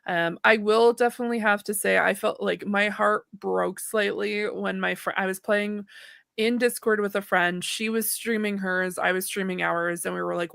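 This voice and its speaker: A woman's voice: medium pitch, vocal fry, dry recording, clean studio sound. A woman co-hosting a gaming podcast, chatting casually and filling her talk with "like" as she tells stories. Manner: chatty, lots of "like" fillers, lively retelling. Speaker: podcast co-host.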